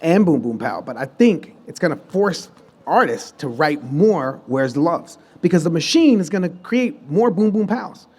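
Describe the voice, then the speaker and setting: A man with a slightly higher voice talks on a live stage in front of an audience. He tells stories loosely, restarting sentences and acting out the voices of the people he quotes with big jumps in energy. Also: normal speed, slightly rough. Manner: animated storytelling, acts out quoted dialogue. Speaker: guest musician and producer. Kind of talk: live podcast conversation.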